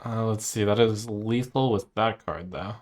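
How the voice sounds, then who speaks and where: A man's voice: on the low side, measured pace, a little mellow. A man streaming a card game, thinking aloud as he weighs each play and second-guesses himself. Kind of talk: casual gameplay commentary.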